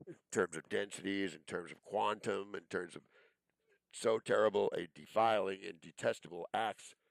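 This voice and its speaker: A man's voice: sits low, vocal fry, no echo, low-quality recording. A man delivering an angry, profane monologue, accusing and cursing as he rambles from one charge to the next.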